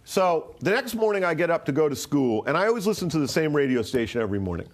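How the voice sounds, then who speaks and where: A man's voice: on the high side, very animated, fast. Man rambling through a casual story. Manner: rambling, profane, full of fillers and restarts. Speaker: interview guest.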